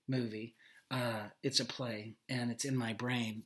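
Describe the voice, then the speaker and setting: A man teaching by video from his living room, telling a rambling, animated story with lots of emphasis. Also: medium pitch, a little slow. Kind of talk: casual storytelling lecture to camera.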